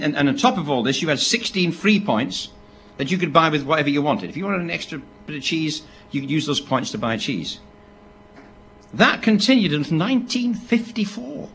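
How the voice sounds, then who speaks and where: A man, preaching a sermon in an animated storytelling way, with asides to the people listening. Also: a little high, a little hiss or hum. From Britain. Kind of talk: sermon to a live audience.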